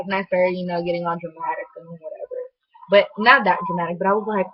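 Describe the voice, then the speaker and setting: A woman's voice: fairly low pitch, fast, breathy edge. Chatty young woman, lo-fi recording. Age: young adult. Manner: chatty, animated, lots of "like" fillers. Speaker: vlogger. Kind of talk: casual storytelling to camera. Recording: dull lo-fi sound.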